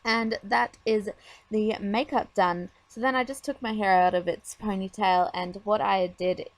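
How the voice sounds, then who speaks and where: A woman's voice: medium pitch, steady tone, unhurried, no room sound. A woman talking casually over her makeup tutorial, chatty and rambling with lots of fillers.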